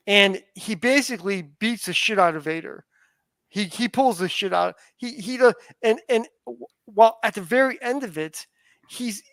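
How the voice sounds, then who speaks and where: A man's voice: high-pitched, gravelly, a bit bright, dry recording. A man in casual podcast chat, rambling with restarts and casual swearing. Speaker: podcast co-host.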